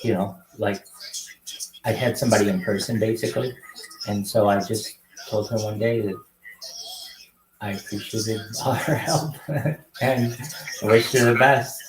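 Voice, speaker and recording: A young man hosting a casual livestream, greeting strangers on video chat with loud, excited calls. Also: on the low side, a little slow, long pauses, background noise. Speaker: livestream host. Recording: roomy echo.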